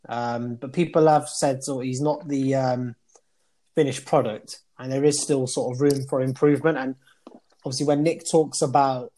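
A man's voice: mid-range voice, warm tone. A British man co-hosting a podcast, talking through a football prospect in a rambling way with lots of fillers. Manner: rambling, many fillers and restarts. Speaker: podcast co-host. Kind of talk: casual football analysis.

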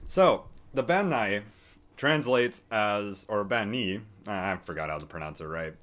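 A man's voice: on the low side, a little slow, a bit bright. A man in his twenties from the United States, co-hosting a casual podcast and chatting in a joking, rambling way with fillers. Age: 20s. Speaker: podcast co-host. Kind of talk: casual chat.

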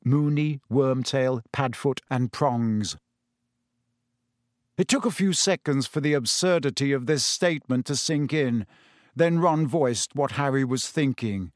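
A man narrating an audiobook in a measured, even way. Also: a little high, no echo, clean studio sound. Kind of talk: scripted narration.

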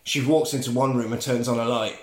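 Animated guy recapping a movie for laughs, sweary, echoey room. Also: medium pitch, fairly quick. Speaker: podcast co-host. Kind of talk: comedic film recap.

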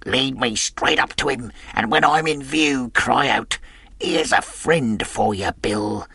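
A man's voice: medium pitch, slow, vocal fry, pushed and bright, slightly rough, pitched above the performer's own voice, exaggerated voice. A man voicing a cruel old blind beggar pirate in an audiobook, speaking in an odd wheedling sing-song with a cold, ugly edge. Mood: cold menacing.

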